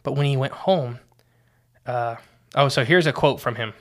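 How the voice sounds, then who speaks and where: A man's voice: mid-range voice, normal speed. Man reading notes on a chat podcast. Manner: reads quotes aloud, restarts often. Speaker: podcast co-host.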